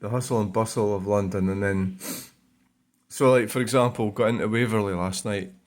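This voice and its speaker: A Scottish man with a lowish voice talks to camera in a loose, rambling way, drifting between thoughts and trailing off with ums and uhs. He grumbles, swears casually and sounds unhurried, like a relaxed vlog catch-up. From Scotland. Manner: meandering, moaning, swears freely, many fillers. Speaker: vlogger. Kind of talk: casual rambling channel update.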